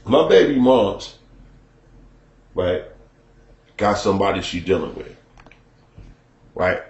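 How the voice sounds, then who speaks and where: A man's voice: deep voice, expressive, slow, creaky, a little mellow, reverberant. A man telling a personal story to his viewers as a profane, conversational rant, often checking in with the listener. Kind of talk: casual storytelling rant to camera.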